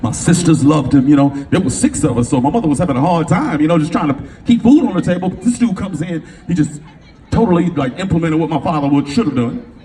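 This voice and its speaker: A middle-aged man from California, a motivational speaker telling a personal story to a live audience in an animated, slangy way, acting out the voices of the people in it. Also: a little high, fast talker. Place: event venue before an audience. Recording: distant mic with faint room noise.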